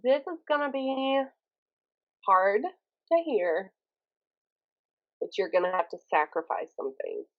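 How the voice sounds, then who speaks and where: A young woman with a Southern accent from Mississippi, chatting as a podcast guest, animated and often laughing. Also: mid-range voice, slow pace, pauses often, lo-fi sound. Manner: animated, laughing, mimics others in quotes. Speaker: guest poet and YouTuber. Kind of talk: casual interview chat.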